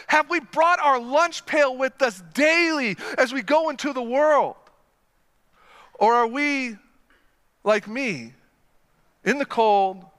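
Energetic young man preaching in a reverberant hall. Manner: energetic storytelling, swings from low asides to loud excited bursts. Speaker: pastor. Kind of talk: sermon.

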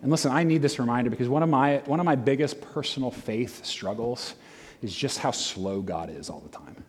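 A middle-aged man preaching a sermon in a conversational, animated way, with frequent fillers and restarts. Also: mid-range voice, a little fast, slightly rough, big-room sound. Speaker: pastor.

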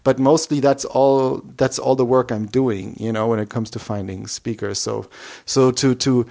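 A man's voice: medium pitch, steady tone, normal speed, creaky, dark tone. A man co-hosting a podcast in casual chat, eager and enthusiastic, often restarting his sentences. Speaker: podcast co-host.

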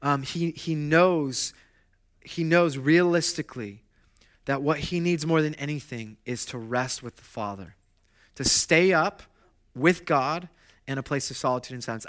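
Man, pastor, thirties, sermon, bright voice, slightly high pitch, casual storytelling. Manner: conversational, animated storytelling with self-deprecating asides.

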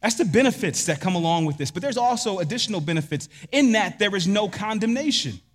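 A man's voice: sits high, lively intonation, fast, in a large hall. A man preaching a sermon as pastor, asking rhetorical questions and answering them with emphasis.

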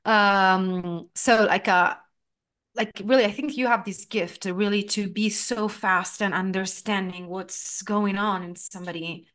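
Chatty woman host, rambling warmly. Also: mid-range voice, fairly even intonation, a little slow. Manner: enthusiastic, rambling, many fillers. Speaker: podcast host. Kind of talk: casual interview chat.

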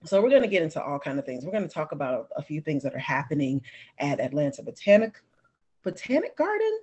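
A woman hosting a podcast in animated, playful casual chat, laughing often. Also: deep voice, fast talker, slightly rough. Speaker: podcast host.

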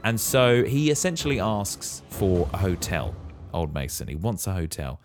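A man hosting a podcast, retelling a movie plot in a relaxed way and quizzing his co-host. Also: deep voice, normal speed, over music. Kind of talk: casual movie recap.

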